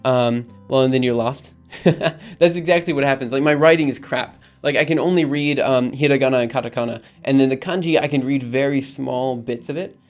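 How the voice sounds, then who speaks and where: A man with a medium-pitched, brisk voice hosts a casual coding livestream, chatting with viewers in an upbeat, rambling style full of fillers. Faint music plays in the background.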